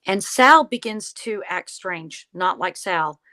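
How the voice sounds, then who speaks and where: A woman guest telling a story in conversation, animated, acting out the lines of the people in it. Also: mid-range voice, slow pace. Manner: animated, acts out quoted dialogue. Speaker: podcast guest, paranormal investigator.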